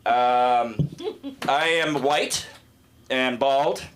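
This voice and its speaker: A man's voice: medium pitch, very slow, background noise. A man doing self-deprecating stand-up on a club stage, quizzing the crowd. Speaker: stand-up comic. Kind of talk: stand-up comedy.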